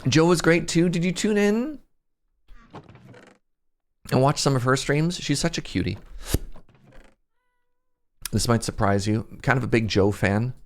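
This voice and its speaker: A man's voice: mid-range voice, animated, a little slow, long pauses. A young man streaming a game, chatting casually and rambling, laughing at himself often. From Canada. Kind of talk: casual livestream chat while gaming.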